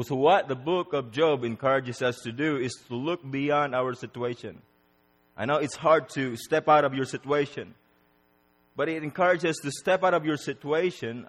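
Male preacher, fairly high voice, lively sermon with restarts and acted-out quotes. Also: normal speed, long reverb tail. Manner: animated, acts out prayers and quotes with rising pitch; repeats words and restarts often.

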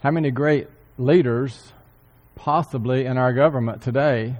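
A man preaching a sermon, earnestly repeating key phrases for emphasis and often clearing his throat. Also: mid-range voice, moderate pace, a little mellow, highs cut off. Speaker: church speaker. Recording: long hall reverb.

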